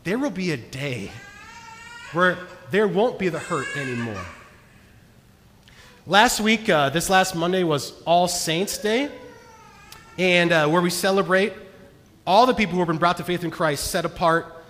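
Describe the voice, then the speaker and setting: A man preaching a sermon as pastor, earnest, moving between hushed and emphatic delivery. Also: high voice, moderate pace, a little hiss or hum. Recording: long reverb of a large hall.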